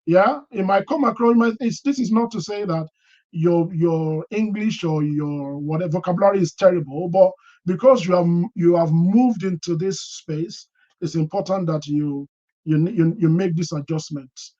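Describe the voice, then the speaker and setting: A man with a high, light voice talks loosely to viewers of his live stream, giving career advice. He often repeats words and circles back mid-sentence while answering chat. The sound is dull and lo-fi, like basic stream audio. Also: normal speed, warm tone. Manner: chatty, repeats and restarts words, reads chat comments aloud. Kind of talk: live-stream talk to an online audience.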